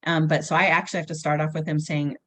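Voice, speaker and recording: A woman in her thirties talks casually as a family coach, her voice sitting a little low. She tells stories with energy and slips into her children's lines as she goes. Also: fast talker. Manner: animated storyteller, acts out her kids' lines. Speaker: guest, family dynamic coach. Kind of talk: casual chat.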